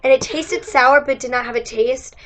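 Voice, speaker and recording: High, giggly young woman losing her voice. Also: steady tone, moderate pace. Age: young adult. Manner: chatty, giggly, many likes and acted-out quotes. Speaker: college student vlogger. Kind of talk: casual storytelling chat. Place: indoors.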